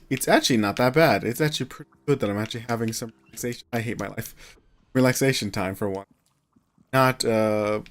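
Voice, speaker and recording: Tired, rambling man streaming. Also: mid-range voice. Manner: rambling, self-deprecating, trails off mid-sentence. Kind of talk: casual gameplay streaming commentary.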